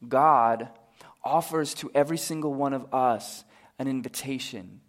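A man preaching a sermon as pastor, earnest and unhurried, sinking to a hushed voice for his appeals. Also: medium pitch.

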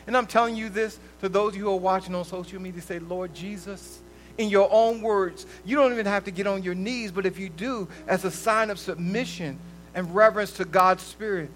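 A man preaching a conversational sermon to a room and an online audience, swinging between loud bursts and soft drops. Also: high-pitched, low-quality recording. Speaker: lay preacher. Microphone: livestream recording.

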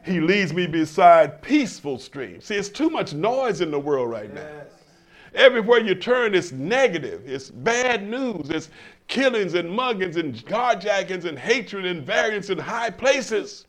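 Older guy preaching in church, high voice, keeps restarting words then booming out, asks the crowd questions. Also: big pitch swings, a little slow. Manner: call-and-response, stammering restarts, emphatic swells. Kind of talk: sermon. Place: church in front of a congregation.

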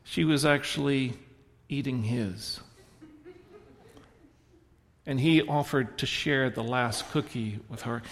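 A man preaching in a church, telling stories and swinging between soft reflective moments and animated punchlines. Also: mid-range voice, slow, pauses often, big-room sound. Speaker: pastor. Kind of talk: sermon. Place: church sanctuary.

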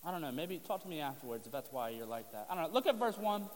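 A man's voice: a little high, sing-song, fast talker, a little hiss or hum. A man preaching a sermon to his congregation in a casual, conversational way, with joking asides. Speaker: pastor. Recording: long reverb of a hall.

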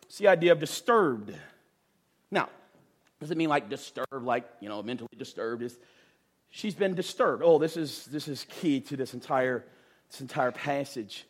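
A man in his thirties preaching a sermon, animated and playful, swinging from loud outbursts to hushed asides and repeating words for emphasis. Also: mid-range voice, moderate pace, husky. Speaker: pastor.

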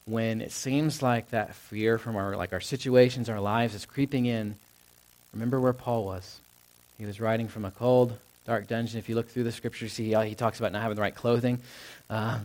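A man's voice: mid-range voice, darkish tone. Casual conversational male pastor. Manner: casual, conversational, many fillers and asides. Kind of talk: sermon.

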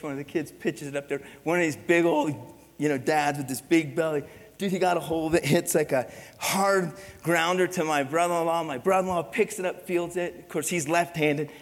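A middle-aged male pastor preaching a sermon, animated and conversational, with rhetorical questions and storytelling. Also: fairly high pitch. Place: church sanctuary. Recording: long reverb of a church hall.

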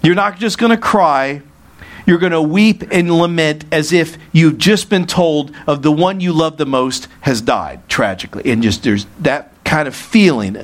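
A man's voice: on the high side, unhurried. A male pastor preaching a sermon in an earnest way, asking rhetorical questions.

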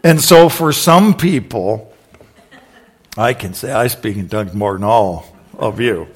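A man preaching, telling a personal story in an animated, conversational way with sudden loud exclamations. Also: fairly low pitch, a little slow, husky.

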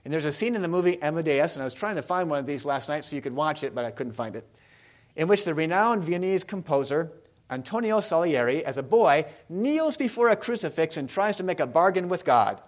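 A man's voice: fairly high pitch, animated, brisk. A man preaching a sermon, talking casually with the congregation and asking them questions. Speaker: pastor.

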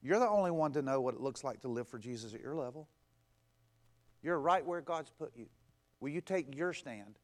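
A pastor preaching a conversational sermon, stacking emphatic, repeated phrases and acting out what people say. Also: male voice, a little high. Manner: repetitive, emphatic build-ups.

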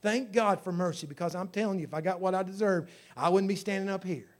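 Guy preaching with a high voice, punchy and emphatic, tells stories from the pulpit. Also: fast talker. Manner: emphatic, with surges in volume on key phrases; storytelling preacher. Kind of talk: sermon.

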